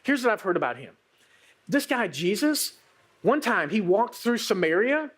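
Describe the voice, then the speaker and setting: A male preacher voicing an eager, excited woman friend who urges and insists. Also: high voice, normal speed, full character voice.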